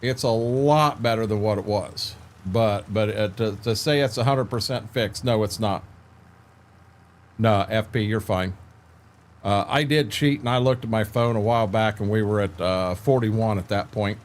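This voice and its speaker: A man's voice: on the low side, normal speed. An older man chatting casually with viewers while streaming a farming game, laid-back and rambling, repeating words and filling gaps with "uh".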